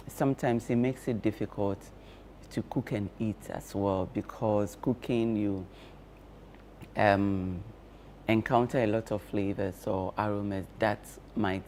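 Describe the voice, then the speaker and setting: Male health guest, measured and unhurried, lots of "um"s, low voice. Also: darkish tone, slight background noise. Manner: slow, measured explaining with frequent fillers. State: talking with cloves in his mouth. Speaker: health guest on a breakfast show. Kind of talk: explanatory studio talk.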